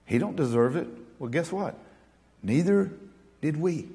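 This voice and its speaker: A man's voice: a little high, expressive, measured pace, vocal fry, warm tone, husky, big-room sound. A male pastor preaching a sermon, folksy and joking, then earnest and emphatic.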